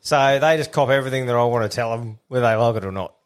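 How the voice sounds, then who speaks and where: Matey Australian podcast host. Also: male voice, medium pitch, rapid-fire, smooth. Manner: enthusiastic, matey, sweary. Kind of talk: casual chat.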